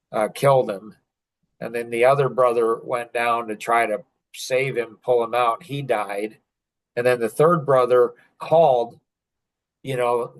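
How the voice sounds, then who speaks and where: A man in his sixties tells a story in a laid-back podcast conversation at an unhurried pace. He rambles and restarts often, and his voice sits at a middling pitch. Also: low-quality recording. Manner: rambling and halting, with many fillers and restarts.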